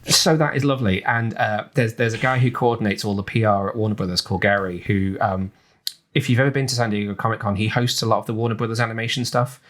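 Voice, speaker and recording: English man co-hosting a podcast, slightly low voice, loose and rambling with plenty of fillers. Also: steady tone, fast, a bit bright. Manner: chatty, rambling with many ums and restarts. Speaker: podcast co-host. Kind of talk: casual chat.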